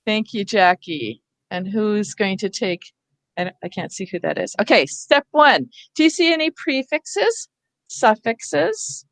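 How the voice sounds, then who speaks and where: A woman's voice: medium pitch, no echo. A woman leads teachers through a reading workshop over a video call, explaining patiently step by step.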